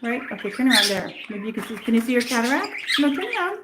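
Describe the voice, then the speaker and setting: A woman's voice: on the high side, fairly even intonation, rapid-fire. A woman hosting a casual pet livestream, chatting in a rambling way and cooing at her birds. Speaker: pet channel host. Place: indoor bird room. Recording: clear bird noise in the background. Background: birds chirping and squawking.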